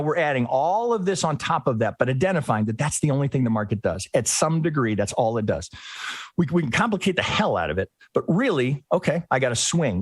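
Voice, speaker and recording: A man with a husky, slightly breathy voice teaches trading on a live screen share, his pitch swinging high and low as he talks. He often drops into quick impressions of traders' inner thoughts. The sound is close and dry, with no room echo. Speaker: trading educator.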